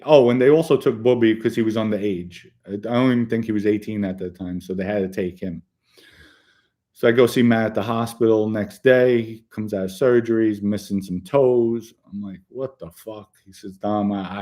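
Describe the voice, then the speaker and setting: A man's voice: on the low side, warm tone. A man hosting a podcast, telling crime stories in a casual, blunt and profane way and acting out the lines he quotes. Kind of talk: casual storytelling monologue.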